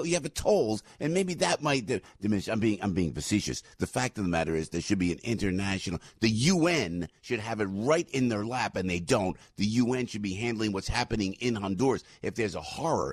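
A male radio host delivers a rambling, emphatic monologue into a studio mic. His voice is husky and dry, with pitch that leaps and swings widely as he gets fired up. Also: darkish tone, no room sound. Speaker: radio talk show host. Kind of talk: opinionated talk radio monologue.

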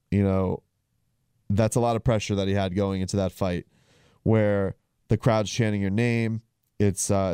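A man's voice: fairly low pitch, warm tone, smooth, dry recording, clean studio sound. A man hosting a combat sports show, talking casually with many fillers and restarts. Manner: rambling, frequent fillers and restarts. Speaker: podcast host.

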